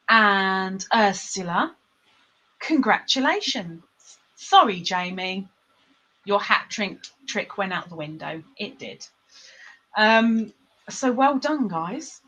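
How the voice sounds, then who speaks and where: Bright, playful woman live-stream host. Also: mid-range voice. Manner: playful, laughs often. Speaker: livestream host. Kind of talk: casual live-stream chat.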